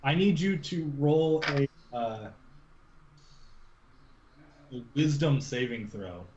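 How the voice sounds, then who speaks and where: A man's voice: mid-range voice, animated, slow pace, reverberant, noisy background. Game master man on a muffled call. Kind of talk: narrating a tabletop game.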